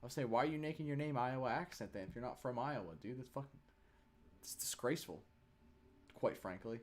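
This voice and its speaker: A man's voice: medium pitch, brisk. Young guy from chicago joking around on a stream, teasing chat, mid voice. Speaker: stream co-host.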